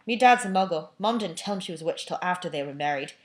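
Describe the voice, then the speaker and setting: A woman reading aloud and voicing a curious, excitable young schoolboy. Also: fast, close to an everyday voice. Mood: chatty. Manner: excitable, high questions.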